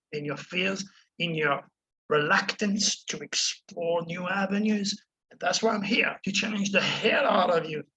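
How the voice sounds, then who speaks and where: A man's voice: sits high, sharp tone, poor audio. A man speaking as an astrologer to his viewers, in a preachy, impassioned monologue that keeps calling the listener "my friend". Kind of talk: passionate monologue to camera.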